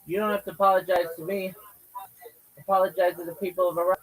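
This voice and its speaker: A man's voice: sits high, level tone, quick pace, low-quality recording. A man hosting a livestream in casual chat, swearing and using slang as he rambles. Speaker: livestream host.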